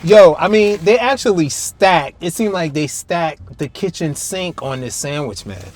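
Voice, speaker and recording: A man's voice: on the high side, sing-song, measured pace, a little hiss or hum. Chatty man tasting food in a car. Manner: chatty, talks to viewers while chewing, lots of hums of approval. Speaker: food vlogger host. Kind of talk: casual food-tasting vlog. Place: back seat of a parked car. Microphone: camera-mounted mic, a little far off.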